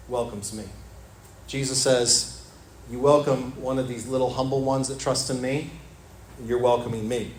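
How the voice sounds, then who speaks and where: A man preaching a sermon as pastor in a church. He talks earnestly and repeats his phrases, dropping to a soft, low voice when he quotes scripture. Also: steady tone, unhurried, pauses often, a little hiss or hum. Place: church sanctuary. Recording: echoey church room with faint ambience.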